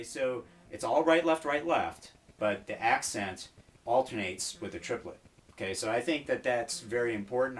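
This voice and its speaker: Low mellow guy teaching drum accents, chill with lots of ums, mic kinda far off, drums going. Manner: relaxed explaining with fillers, counting beats aloud over drumming. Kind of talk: instructional video. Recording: distant mic, drumming behind. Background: taiko drum hits.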